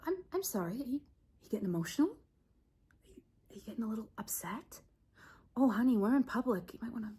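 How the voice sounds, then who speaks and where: With a creaky, slightly rough voice, a woman improvises a comedy role as a crime family's sharp-tongued wife. Her delivery is mock-sweet and condescending, sinking now and then into low, threatening whispers.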